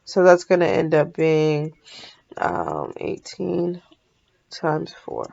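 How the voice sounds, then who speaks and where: A woman's voice: low-pitched, very animated, slow, vocal fry, a little mellow, muffled recording. A woman math teacher talking through a recorded lesson in a sleepy, yawning, casual way, often stopping to apologize and correct herself.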